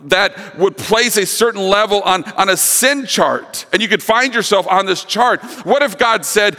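Male pastor, earnest sermon delivery with repeated phrases, bright forceful tone, big reverberant church hall. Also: high-pitched, normal speed, few pauses. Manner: earnest preaching with emphatic repetition. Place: church sanctuary.

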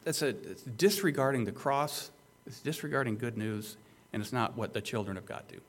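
A man's voice: medium pitch, expressive, moderate pace. A male pastor preaching an expository sermon, emphatic and conversational, with rhetorical questions to the listeners.

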